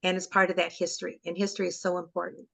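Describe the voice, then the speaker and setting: A woman's voice: fairly low pitch, flat delivery, rapid-fire, creaky. A woman hosting an online group talk over a video call, telling a personal story in a heartfelt, emotional way. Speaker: webinar host.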